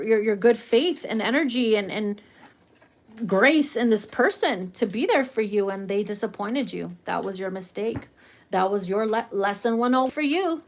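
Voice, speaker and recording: A woman giving a casual tarot reading, brash and profane, theatrical and quick to laugh. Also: on the high side, slight background noise. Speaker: tarot reader.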